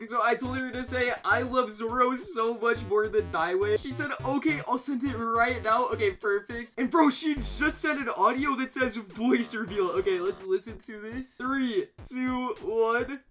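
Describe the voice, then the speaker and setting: A young man giving casual, joking gameplay commentary as a gaming YouTuber, chatty and full of slang. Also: high-pitched.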